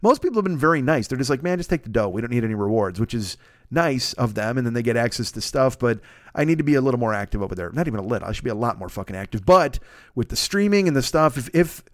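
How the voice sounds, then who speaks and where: A man in his forties hosts a solo comedy podcast and rattles quickly through tangents. His delivery is self-deprecating and salty. The recording sounds dry and close. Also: mid-range voice, very animated, no echo. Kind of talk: casual rambling monologue. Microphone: studio microphone.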